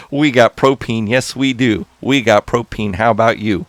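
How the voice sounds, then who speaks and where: A man hosting a gaming channel, giving excitable, casual commentary to viewers as he plays. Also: medium pitch, normal speed, no echo. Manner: excitable, talks to viewers while playing.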